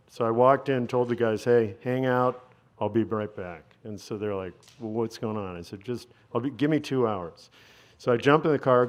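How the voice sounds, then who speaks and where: Man, interview guest, storytelling, conversational, mid-pitched voice. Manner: conversational, acts out quoted dialogue.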